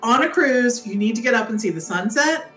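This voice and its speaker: A woman with a medium-pitched voice chats cheerfully and with enthusiasm as a podcast co-host. Her voice carries a noticeable roomy echo, with faint music behind. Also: expressive, fairly quick, a bit bright. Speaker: podcast co-host, travel company co-owner. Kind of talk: casual podcast chat.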